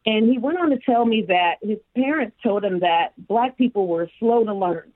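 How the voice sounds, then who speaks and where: A woman's voice: a little high, moderate pace, no room sound. A woman from Chicago's south side, a guest telling her life story in an interview and acting out the people she quotes. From south side of Chicago, USA. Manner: animated, acts out the voices of people in her stories. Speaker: guest, human resources executive. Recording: phone-like narrow band, dry.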